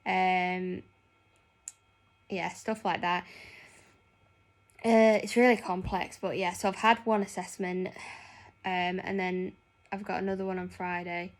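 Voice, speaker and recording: A woman's voice: fairly low pitch, flat delivery, a little slow, long pauses. A young woman chatting casually in a vlog, rambling with lots of fillers. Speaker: nurse.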